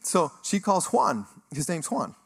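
A middle-aged man from Mexico giving a sermon testimony, telling his story with animated energy and acting out the voices he quotes. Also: high voice, a little slow, vocal fry. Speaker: guest speaker sharing testimony.

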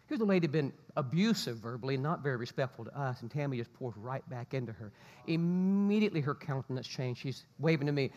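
A man preaching a sermon, an animated storyteller who acts out the quotes he tells. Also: mid-range voice, fast talker, in a large hall, lo-fi sound. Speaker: pastor.

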